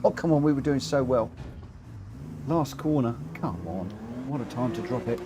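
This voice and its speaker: Excitable rambling man streaming. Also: medium pitch, moderate pace, background noise. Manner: excitable and rambling, stumbles over words. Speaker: live stream host. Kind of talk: live racing game commentary and chat.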